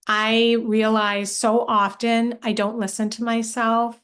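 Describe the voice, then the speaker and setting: A woman's voice: a little high, flat delivery, takes it slowly, clear, resonant tone. A middle-aged woman leading a workshop for moms, speaking in an earnest, encouraging way and putting questions straight to her listeners. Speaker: workshop leader and coach for moms. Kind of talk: live online workshop talk.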